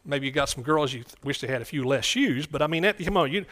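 A man's voice: a little high, lively intonation, quick pace, a bit bright. A man preaching a sermon in a conversational way, often repeating phrases and asking the congregation questions.

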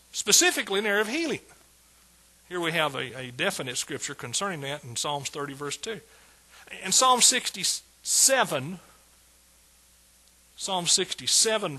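A man delivers a sermon in a strikingly bright, husky voice pitched a little high. He talks emphatically, jumping from hushed asides into loud bursts of praise. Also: poor audio. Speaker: preacher.

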